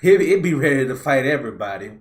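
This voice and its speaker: A male podcast host chats about astrology over a video call, live-streamed, relaxed and rambling with loose, slangy phrasing. His medium-pitched voice moves fast.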